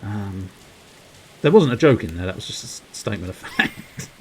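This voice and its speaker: A man with a fairly low voice streams a game while chatting loosely with his viewers. He rambles along, slips into cheeky double meanings and laughs at his own asides, with a faint patter of rain behind him. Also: lively intonation, normal speed, a little mellow, slight background noise, low-quality recording. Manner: rambling, playful innuendo, chats to viewers. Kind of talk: casual livestream commentary.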